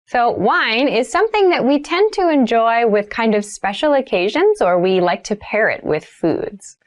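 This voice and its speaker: A woman's voice: on the high side, sing-song, normal speed, hardly any pauses. A woman teaching English vocabulary, repeating each word and example sentence three times and explaining them in simple, patient terms. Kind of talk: vocabulary lesson, repeating words slowly.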